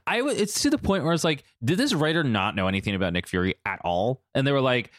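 Guy podcast cohost, super animated swoopy voice, mid pitch, swears a lot. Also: fast, few pauses, dry recording, studio quality. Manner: animated, incredulous, profane. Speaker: podcast co-host. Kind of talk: casual recap chat.

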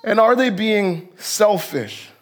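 A man's voice: sits high, expressive, takes it slowly. A man preaching a sermon as pastor, in a conversational way that acts out the voices in the text.

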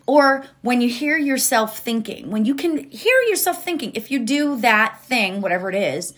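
A woman's voice: a little high, animated, measured pace, few pauses, a bit bright. A woman hosting a motivational podcast, talking casually and directly to her listeners with frequent laughs. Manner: chatty, laughs often, addresses listeners directly. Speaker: podcast host.

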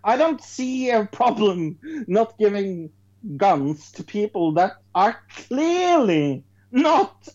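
A man's voice: high voice, sing-song, takes it slowly, a little mellow, lo-fi sound. A man from Norway co-hosting a casual podcast debate, emphatic and stammering on his starts.

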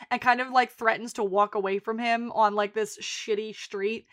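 Woman podcast co-host, casual recap, slightly high pitch, chatty and profane. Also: fairly even intonation. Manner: chatty, swears freely, fast storytelling.

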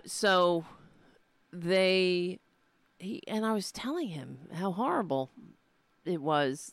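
A woman's voice: fairly low pitch, smooth, no echo. A woman ranting to camera, indignant and rambling, with frequent restarts and swearing. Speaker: political vlogger. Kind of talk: casual ranting monologue to camera. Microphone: camera mic.

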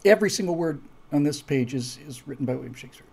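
A man's voice: on the high side, animated, fast, vocal fry, a little mellow, husky. A man who writes his own story project, chatting casually and enthusiastically to viewers with many restarts.

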